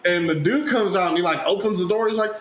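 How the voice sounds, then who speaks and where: A man hosting a podcast, telling a story in a casual, animated, profane way and loudly acting out the people in it. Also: high-pitched, quick pace. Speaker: podcast host. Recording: echoey room with faint noise.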